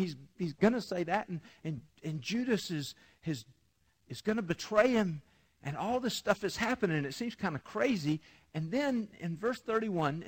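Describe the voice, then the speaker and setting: A man preaching a sermon in a conversational way, retelling scripture in his own words. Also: fairly high pitch. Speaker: pastor.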